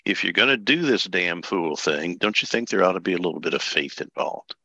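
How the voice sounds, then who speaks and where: A man's voice: deep voice, expressive, a little fast, bright, forceful tone, no room sound, full character voice, poor audio. A man voicing a blunt older cowboy bank president with a Texas drawl, in a folksy scolding manner.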